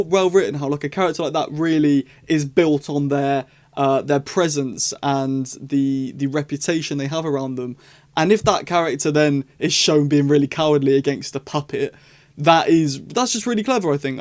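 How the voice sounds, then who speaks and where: A young man talks through a casual review in a fairly high voice. He is eager and loose, piling on restarts and fillers as his enthusiasm runs ahead of his sentences. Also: a little mellow. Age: young adult. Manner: enthusiastic, rambling, frequent restarts. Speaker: video reviewer.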